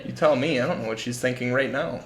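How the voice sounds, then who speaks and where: Young man, podcast co-host, bright tense voice, roomy echo. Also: medium pitch, fast, slight background noise. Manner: profane, animated storytelling with acted-out quotes. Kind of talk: casual storytelling chat.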